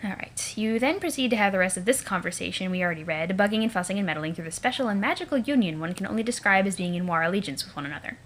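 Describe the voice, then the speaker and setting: A woman's voice: mid-range voice, expressive, rapid-fire, few pauses, a little hiss or hum. A woman reading a webcomic aloud in a casual let's-play style, with wry, playful asides.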